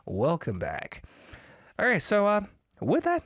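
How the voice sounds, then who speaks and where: A man hosting a casual live radio show, reading out listener messages with playful bursts of excitement. His voice sits a little high and swings widely in pitch. The sound is dry and close, with no room echo. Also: a little slow.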